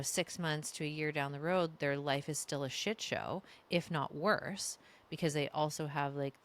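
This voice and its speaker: A woman co-hosting a podcast, talking through personal growth in reflective casual chat with swearing and filler words. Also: a bass voice. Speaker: podcast co-host.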